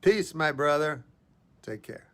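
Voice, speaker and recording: A man delivering a rambling deadpan anecdote in a recorded personal video message, halting and full of pauses and fillers. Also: a little high.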